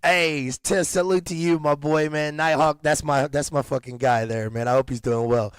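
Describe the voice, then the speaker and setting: A man's voice: medium pitch, flat delivery, normal speed, smooth, no room sound. A man hosting a casual podcast chat, rambling in slang with frequent restarts and laughter. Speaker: podcast host.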